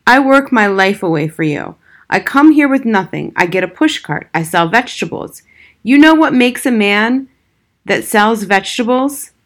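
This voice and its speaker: A woman reading aloud voices a weary, hot-tempered immigrant father who shouts in broken English. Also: fairly high pitch, lively intonation, normal speed, voice pushed up, lightly acted. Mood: weary pleading.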